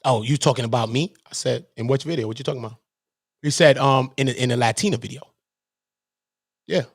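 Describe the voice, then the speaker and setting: A Brooklyn man with a New York accent hosts his own channel, launching into a heated, profane rant at a slightly fast clip in a mid-range voice. He's animated, repeats himself, and acts out what other people said. The recording is dry with clean studio sound.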